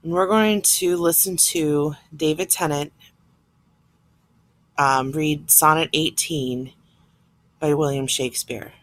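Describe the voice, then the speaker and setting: A woman's voice: deep voice, fairly even intonation, slow, long pauses. A woman teacher explaining a lesson plainly, step by step, recorded on a computer mic. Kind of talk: classroom lesson recorded on screen.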